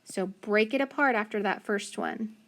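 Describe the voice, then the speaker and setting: A woman teaching a phonics lesson, slowly and patiently sounding out letters and syllables. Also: mid-range voice, fairly bright tone.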